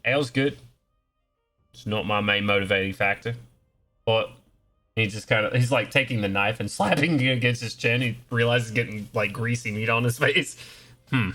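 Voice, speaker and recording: A man voicing a huge, gruff male ship's cook with an Australian accent, haggling bluntly over his wages. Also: medium pitch, moderate pace, bright, forceful tone. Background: faint battle music.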